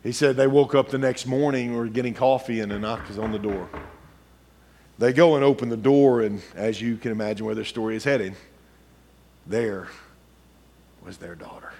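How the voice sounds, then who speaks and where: A middle-aged man preaching a sermon, telling a story quietly, then building into rising, urgent preaching. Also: medium pitch, steady tone, normal speed, pauses often.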